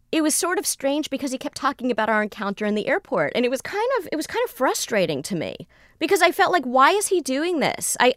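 Animated woman telling a personal story. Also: fairly high pitch, no room sound, clean studio sound. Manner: animated, re-enacts dialogue. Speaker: storyteller guest.

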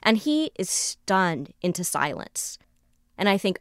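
Telling a personal story as a guest in conversation, a woman animatedly re-enacts the dialogue of the people in it. She speaks slowly in a medium-pitched, clear, resonant voice, with studio-quality sound and no echo.

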